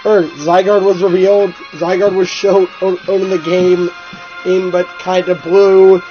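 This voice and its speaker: A man's voice: high voice, level tone, unhurried. A man with a stuffy nose and sore throat, sounding nasal, chatting casually as a video co-host and rambling with many restarts and fillers. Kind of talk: casual chat. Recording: slightly dull recording with faint music.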